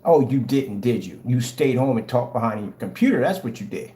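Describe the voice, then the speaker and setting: A man's voice: mid-range voice, expressive, brisk, dark tone, roomy sound. A man ranting in a mocking, confrontational way, addressing a rival in a vlog. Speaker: vlogger. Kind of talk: ranting commentary.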